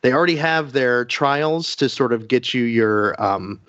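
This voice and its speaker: A man's voice: mid-range voice, a little slow, fairly bright tone, smooth, dry recording. A man co-hosting a casual gaming news podcast, chatty and rambling with lots of fillers. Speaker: podcast co-host. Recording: dull lo-fi sound.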